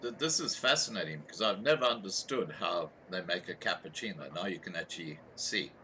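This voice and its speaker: Deep lively-toned bright male host. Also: brisk. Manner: interjects and comments, hesitant restarts. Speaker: show host. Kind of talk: live panel talk.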